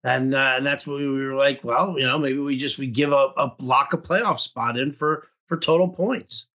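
A man's voice: medium pitch, steady tone, normal speed, pushed and bright, highs cut off. A young man co-hosting a casual podcast chat, rambling with lots of fillers. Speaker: podcast co-host.

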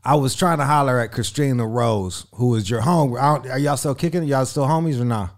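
A man's voice: medium pitch, fairly quick. A man talking as a podcast guest in casual chat, blunt and profane in his stories.

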